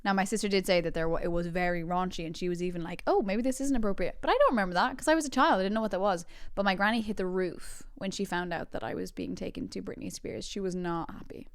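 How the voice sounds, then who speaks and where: A woman around thirty, hosting a podcast with bubbly, giggly storytelling and quick tangents. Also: fairly low pitch, clear, resonant tone, no echo, studio quality. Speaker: podcast host. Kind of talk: casual chat.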